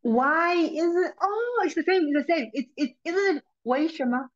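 A woman's voice: very high-pitched, expressive, moderate pace, dull audio. A woman student on a video call, eager, thinking aloud and repeating new words in a casual online language lesson.

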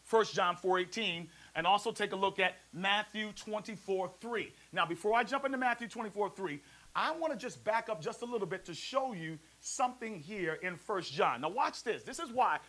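A man preaching a sermon as pastor, lively and playful, calling on the congregation to answer back. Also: high voice, normal speed, low-quality recording. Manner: preachy, call-and-response, playful asides. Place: church service also streamed to a prayer line.

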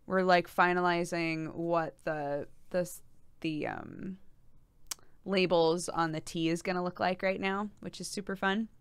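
A woman's voice: on the low side, measured pace, clear, resonant tone, dry recording. A woman streaming to her viewers in casual chat, talking chattily with many fillers and giggles.

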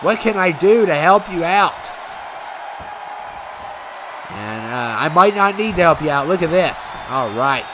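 A man commentating a wrestling video game play by play, excitable and given to shouting and cheering at the big moments. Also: a little high, a little slow, pauses often. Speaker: gaming channel host. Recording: loud game crowd and noise behind.

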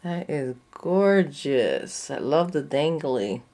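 A woman vlogger gushing with excitement as she unboxes a craft kit, gasping and cooing over each item, sounding a little sleepy. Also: low voice, slow. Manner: effusive, breathy gasps and squeals of delight.

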